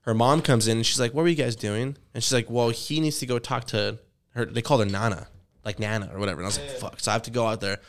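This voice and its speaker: A man's voice: medium pitch, very fast. Young man telling a crude story. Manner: profane, animated storytelling. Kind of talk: casual chat.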